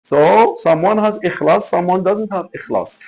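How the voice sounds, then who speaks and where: A man's voice: high-pitched, normal speed, gravelly, a little mellow, low-quality recording. A man teaching an Arabic class live online, patient and repetitive as he drills examples.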